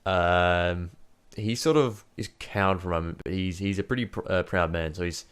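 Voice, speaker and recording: An Australian man running a tabletop game in a very deep voice. He describes each scene loosely, leaning on fillers and easy asides. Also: moderate pace, clean tone. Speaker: game master.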